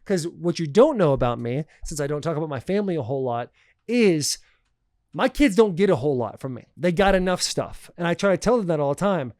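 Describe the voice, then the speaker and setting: A man with a fairly high voice spins a casual family story as a podcast host, talking loosely and calling everyone "dude". His voice rises and falls a lot as he tells it. The sound is close and dry, recorded in a studio. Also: animated, brisk, darkish tone, no echo.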